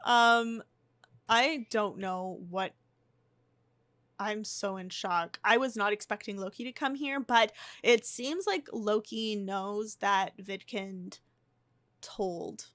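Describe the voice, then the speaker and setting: A woman's voice: mid-range voice, slow pace, a bit bright, dry recording. A young woman giving casual, chatty gameplay commentary, often restarting and gasping. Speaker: life-sim gameplay narrator. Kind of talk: casual let's-play commentary.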